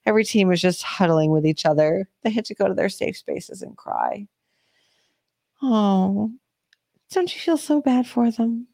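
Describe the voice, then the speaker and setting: A woman's voice: medium pitch, measured pace, vocal fry, darkish tone. A woman with a Queens, New York accent co-hosting a podcast, bantering sarcastically and teasing her co-host. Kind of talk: casual chat.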